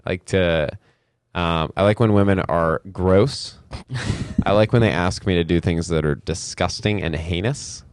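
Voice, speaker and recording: Low-voiced man bantering on a podcast. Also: measured pace, clear, resonant tone, dry recording. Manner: playful, teasing, mock-serious. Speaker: podcast co-host. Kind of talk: joking banter, crude comedy.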